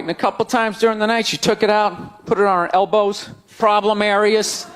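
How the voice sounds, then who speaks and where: A man's voice: very high-pitched, a bit bright. A man in his thirties doing a stand-up comedy set, ranting in an incredulous, punchy way before a live audience. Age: 30s. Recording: live club set with crowd laughter and noise. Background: audience laughing.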